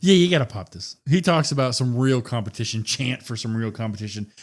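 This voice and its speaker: A man's voice: medium pitch, brisk. A man co-hosting a podcast, giving a laid-back but enthusiastic casual wrestling recap. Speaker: podcast co-host.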